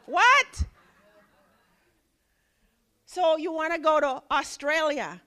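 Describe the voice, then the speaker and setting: A woman in her forties delivers a sermon built around a personal story, swinging dramatically between loud exclamations and hushed lines. Her voice sits on the high side and she takes her time.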